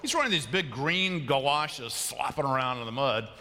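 Lively storytelling pastor in a church. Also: male voice, medium pitch, normal speed. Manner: storytelling, animated, acts out quotes and sheep bleats. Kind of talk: sermon. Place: large church sanctuary. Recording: long church reverb.

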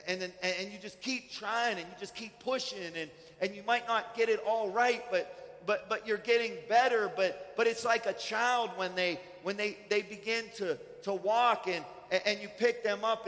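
A male pastor with a high voice gives an earnest, conversational sermon and often stumbles and restarts his phrases. His voice rings through a church hall with a long, lingering reverb. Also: steady tone, normal speed, fairly bright tone.

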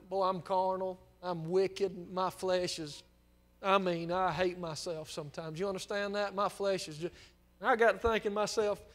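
High-voiced preacher man, swelling to loud fervor. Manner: impassioned preaching that swells from quiet storytelling into near-shouting. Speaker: pastor. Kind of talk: sermon.

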